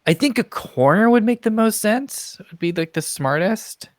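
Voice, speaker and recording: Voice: mid-range voice, animated, normal speed, no echo, clean studio sound. A player in a tabletop game, talking casually and hesitantly.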